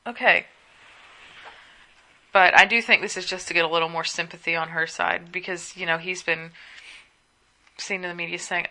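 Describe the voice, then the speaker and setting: A woman's voice: on the low side, steady tone, moderate pace, pauses often, bright, forceful tone. Chatty, gossipy young woman rambling at home. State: sleepy, yawning. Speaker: podcast host. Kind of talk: casual solo chat.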